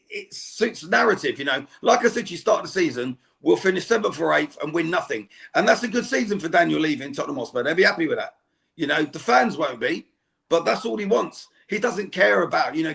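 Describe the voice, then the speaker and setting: A man's voice: on the high side, creaky, a bit bright. A man speaking as a fan guest on a podcast, ranting angrily and swearing in heated chat. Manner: angry, swearing rant. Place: home.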